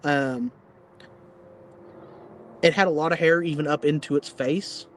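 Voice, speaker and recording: A man's voice: on the high side, steady tone, measured pace, a little hiss or hum. A man guesting on a podcast, telling a personal story in a blunt, plain-spoken, rambling way full of fillers. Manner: rambling, filler-heavy retelling. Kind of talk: casual storytelling.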